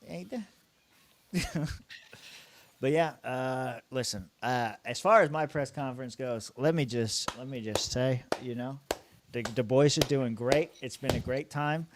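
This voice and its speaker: With no room sound around him, a young man speaks in a mid-range voice while co-hosting a podcast, chatting loosely about his fantasy football side, cursing without restraint and often laughing.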